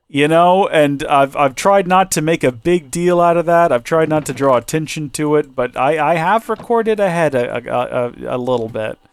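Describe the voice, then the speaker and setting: A man's voice: on the high side, clear, resonant tone, dry recording. A man hosting a gaming channel, rambling and joking with viewers in a chatty commentary while his voice starts to give out. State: losing his voice. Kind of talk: chatty let's-play commentary.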